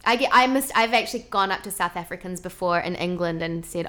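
A woman with a New Zealand accent talks casually as an interview guest. She is lively and laughs often between thoughts. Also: on the low side, fast talker.

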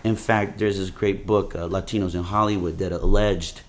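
A man talking as an actor guest in a casual interview, rambling with many "you know" fillers and animated storytelling. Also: sits low, normal speed, a little hiss or hum. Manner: animated storytelling, voices his grandfather.

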